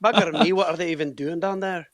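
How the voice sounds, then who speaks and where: A man's voice: on the high side, fairly even intonation, fast, crowd noise. A man with a Scottish accent, joking and bantering in casual chat.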